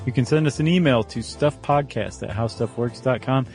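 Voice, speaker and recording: A man's voice: mid-range voice, normal speed, darkish tone, soft background music. A man co-hosting a podcast in casual chat, chatty and joking, recorded on a studio mic. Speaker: podcast co-host.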